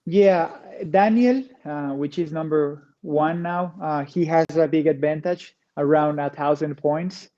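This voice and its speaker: A man from Mexico with a Spanish accent, a guest answering interview questions in an easygoing way, pausing often on "uh.". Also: fairly high pitch, warm tone, highs cut off. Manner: easygoing, frequent "uh" pauses. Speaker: guest, pro racquetball player.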